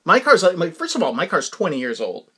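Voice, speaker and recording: A male podcast host telling stories in a loose, rambling monologue. His voice is fairly high for a man and swings up and down a lot. He laughs at his own jokes. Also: huge pitch swings, quick pace, fairly bright tone, husky. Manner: rambling, laughs often, self-amused. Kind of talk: casual comic monologue.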